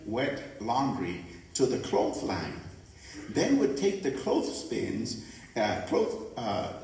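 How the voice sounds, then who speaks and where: A man's voice: mid-range voice, darkish tone. A middle-aged man preaching a sermon, telling folksy stories with playful bursts of song and sound effects. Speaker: pastor. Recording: echoey room from far off.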